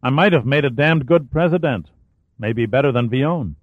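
A man reads an audiobook in a mid-range, animated voice at a moderate pace, sounding natural as he plays a cold, contemptuous hired killer with a sneering manner. The recording is dry and narrow, like a phone, with no echo.

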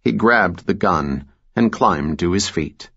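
Male audiobook narrator, low and slow, lo-fi sound. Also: expressive, creaky, a bit bright, breathy edge. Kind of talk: scripted thriller narration.

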